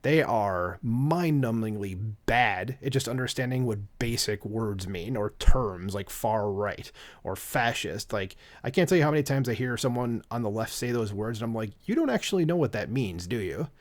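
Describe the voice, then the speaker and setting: A man's voice: fairly low pitch, moderate pace. A man hosting an opinion commentary vlog, talking in an indignant, sarcastic and rambling way, full of fillers, into a microphone at a home desk. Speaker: channel host.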